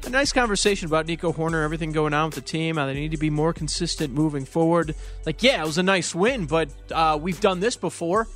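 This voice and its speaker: A man's voice: fairly high pitch, fairly bright tone, soft background music. Wry male sports radio host. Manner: opinionated, wry, quick asides to callers. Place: radio studio. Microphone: studio microphone.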